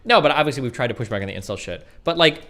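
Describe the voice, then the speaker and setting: A man's voice: mid-range voice, expressive, racing, a bit bright. A man hosting a reaction video, commenting on a clip with sarcastic, argumentative asides.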